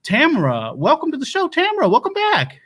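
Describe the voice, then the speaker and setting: A man's voice: very high-pitched, wildly swooping pitch, fairly quick, fairly bright tone, exaggerated voice. A man playing a folksy, easily flustered doomsday prep lecturer who hosts a comedy livestream, rambling and stammering as he reads viewer comments. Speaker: host of a comedy web show. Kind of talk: improvised comedy livestream character. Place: home setup, said to be a bunker.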